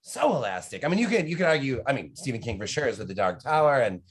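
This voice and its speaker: A man's voice: mid-range voice, big pitch swings, fast, slightly rough. A man from the United States chats casually as a podcast guest. His talk is loose and rambling, full of fillers, swearing and sudden bursts of energy. He sits in the middle of the male range. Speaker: horror author guest.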